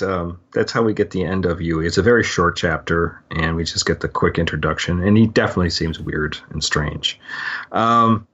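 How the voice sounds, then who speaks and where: A man's voice: sits low, a bit bright, lo-fi sound. A man co-hosting a casual book-club podcast, rambling through his points with many fillers and restarts. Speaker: podcast co-host.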